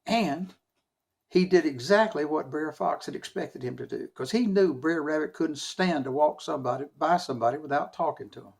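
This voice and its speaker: A male storyteller tells a folk tale for children in a lively, dramatic manner. His gravelly voice sits a bit high, and he shouts sound effects between slow, hushed stretches.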